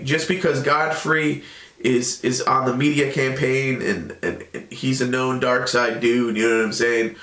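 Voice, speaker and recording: A man's voice: mid-range voice, sharp tone, echoey room. A man casually recapping a cartoon episode in a loose, rambling way. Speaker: show reviewer.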